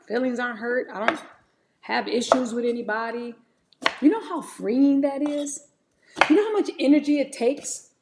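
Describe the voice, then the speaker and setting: Forties woman, livestream host, fry in the voice, candid talk to viewers while prepping fruit. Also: a little high, background noise. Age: 40s. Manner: chatty and candid, often calls viewers "y'all". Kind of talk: casual livestream chat while preparing fruit.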